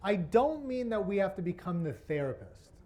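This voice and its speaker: A man's voice: high-pitched, sing-song, moderate pace, a little mellow. A man presenting a workshop to an audience, asking rhetorical questions as he teaches. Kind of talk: interactive teaching talk.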